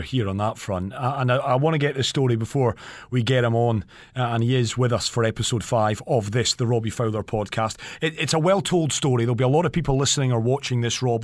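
A man co-hosting a podcast, briskly setting up stories and prompting his partner. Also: mid-range voice, no room sound, studio quality. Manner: brisk interviewer who sets up stories. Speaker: podcast co-host. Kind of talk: casual chat.

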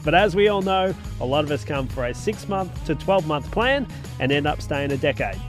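A man's voice: on the high side, expressive, brisk. Man hosting a podcast, music underneath. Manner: friendly, upbeat presenter with scripted intro. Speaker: podcast host. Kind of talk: podcast interview.

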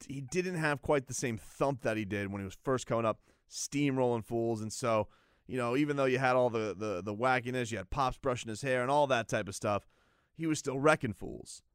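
Smooth-voiced man rambling about boxing. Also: mid-range voice, dry recording, studio quality. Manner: rambling, animated storytelling with restarts. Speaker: boxing radio host. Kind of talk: casual sports talk monologue.

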